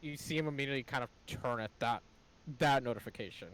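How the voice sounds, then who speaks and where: A man working as game master, narrating a tabletop game with quick, descriptive lines. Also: medium pitch, fairly bright tone, clean tone.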